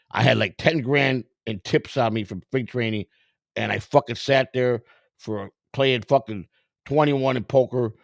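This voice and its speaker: A middle-aged man who once worked at a clubhouse tells stories casually in a gravelly, rough-edged, fairly low voice. He swears freely and animatedly acts out the people he quotes. The recording is dry and close, with no sense of room around him.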